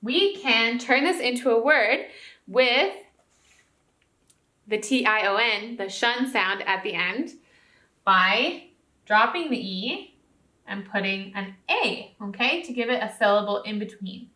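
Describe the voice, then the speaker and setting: A woman's voice: on the high side, lively intonation, takes it slowly, sharp tone. A woman teacher giving a recorded spelling lesson to young students, patient and encouraging, often checking in with "okay?". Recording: roomy echo.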